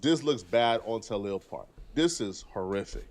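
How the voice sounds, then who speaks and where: A man's voice: lowish voice, animated. A man streaming live, talking through a news story earnestly and point by point. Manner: earnest, deliberate, argues point by point.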